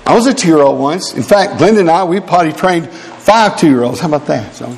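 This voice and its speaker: An older male preacher delivers a fiery sermon, pressing his listeners with rhetorical questions and direct appeals. His voice sits a little high for a man, and long reverb trails each phrase as if filling a church hall. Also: animated, fairly quick, vocal fry, a little mellow, a little hiss or hum. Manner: emphatic, rhetorical questions, addresses brethren.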